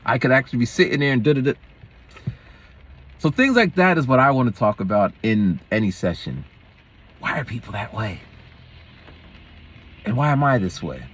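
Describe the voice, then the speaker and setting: Man, husky voice, lively swinging pitch, casual vlog talk, rambling, digressive. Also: normal speed, pauses often. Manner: rambling, digressive, jumps between topics. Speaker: schoolteacher and vlogger.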